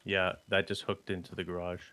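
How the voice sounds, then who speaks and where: A man co-hosting a gaming channel chats casually during a zombie game, slow and laid-back, repeating short phrases. His low-pitched voice is bright and forceful, with a completely flat delivery.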